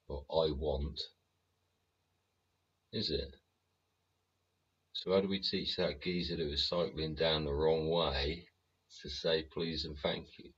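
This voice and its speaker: A man's voice: rumbling low, a bit bright, slightly rough, highs cut off. A British man hosting a show, ranting profanely in a rambling way and talking back to his chat. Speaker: show host. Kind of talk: ranting livestream commentary.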